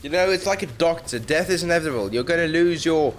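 A man's voice: on the high side, expressive, fast, slight background noise. A man giving casual, self-mocking commentary while playing a video game, swearing often and joking about his own play. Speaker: gaming channel host.

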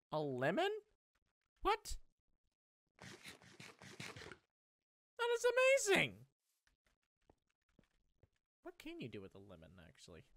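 Let's Play host, male, animated delivery with big pitch swings; mutters low, then yelps with excitement; casual swearing. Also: a little hiss or hum. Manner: excitable, swears, thinks aloud. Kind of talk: gameplay commentary.

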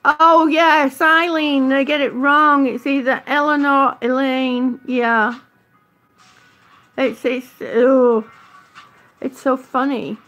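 Slow, high-voiced breathless woman vlogger. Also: fairly even intonation, a bit bright, soft background music. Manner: chatty, affectionate, drawn-out vowels. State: a little out of breath. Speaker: vlogger on oxygen. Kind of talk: live-stream chat with viewers.

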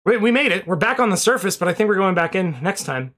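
A man's voice: high-pitched, expressive, quick pace, fairly bright tone. A young man streaming, rambling casually through thank-yous to his chat and swearing now and then, a little out of breath.

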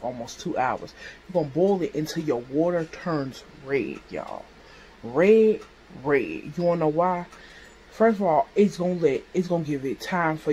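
A woman's voice: deep voice, darkish tone, husky. Chatty woman cooking at home. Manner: chatty, talks straight to viewers, playful. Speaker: cooking vlogger. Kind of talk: casual cooking chat to camera. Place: home kitchen.

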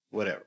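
A man doing loose stand-up storytelling on a comedy club stage. He rambles, dropping to low mutters and then rising into loud, excited bursts. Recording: noisy live club recording.

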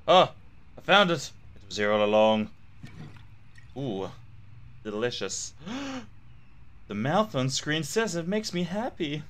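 A man's voice: on the high side, sing-song, slow, pauses often, a bit bright. A young man giving gameplay commentary on a horror game, joking and swearing with jumpy reactions. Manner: jokey, profane, jumpy reactions. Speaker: gamer playing a horror game.

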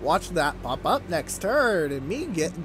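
A let's play gamer, giving animated, swear-heavy commentary while playing a strategy game. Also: medium pitch, measured pace, slight background noise. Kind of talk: casual gameplay commentary. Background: game music.

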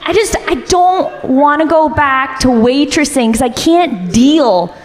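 Young woman doing stand-up in a hall. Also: unhurried. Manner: deadpan one-liners, jumps high to act out others. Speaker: stand-up comedian. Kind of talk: stand-up comedy set. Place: comedy club stage.

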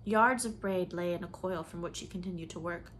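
A woman narrating a storybook in a measured, expressive way, her voice pitched fairly low. A faint hiss sits under the recording. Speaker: audiobook reader.

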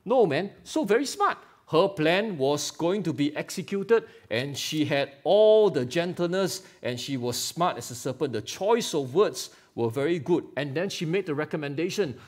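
A man preaching a lively sermon in Singaporean English, firing rhetorical questions and teasing members of the congregation by name. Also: on the high side. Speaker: pastor. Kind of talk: live sermon. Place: church hall.

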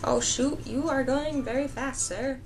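A young woman giving casual, excitable gameplay commentary, laughing and repeating herself in panic. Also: high voice, a little slow, music in the background. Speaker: gaming vlogger.

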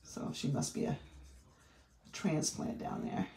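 A woman's voice: takes it slowly, warm tone, a little hiss or hum. A middle-aged woman with a Maine accent, demonstrating a craft technique in a chatty way with rambling asides. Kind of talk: craft tutorial. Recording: roomy echo.

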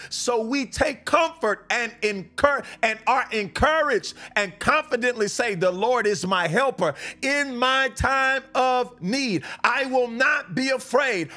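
A fervent man preaches on a live stream, his voice sitting high for a man. He repeats and restarts lines as he reads scripture, breaking into blunt asides, with faint music underneath. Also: a bit bright. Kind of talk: live-stream sermon and Bible reading.

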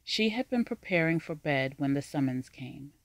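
Measured storyteller with a dry, close sound. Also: mid-range voice, expressive, no room sound. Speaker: narrator. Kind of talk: scripted audiobook narration.

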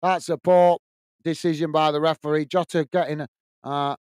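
A man's voice: fairly high pitch, fairly even intonation, moderate pace, a little mellow, dry recording. A man hosting a football watch-along, giving live commentary and chatting with viewers, full of fillers and restarts.

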